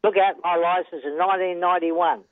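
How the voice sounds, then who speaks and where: A man's voice: sits high, steady tone, a little fast, dry recording. An older Australian man's voice comes through a thin, phone-like line, dry and close, with no room sound around it. He spins rambling racetrack yarns, chuckling often and dropping "yeah" between every thought. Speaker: retired horse trainer. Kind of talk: casual storytelling interview.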